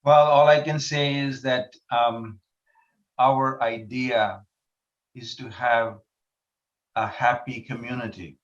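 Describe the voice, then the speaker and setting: A man's voice: medium pitch, fairly even intonation, slow pace, highs cut off. An older man speaking as a guest in a panel discussion, impassioned and emphatic, asking rhetorical questions over a video call. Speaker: guest, disability housing advocate.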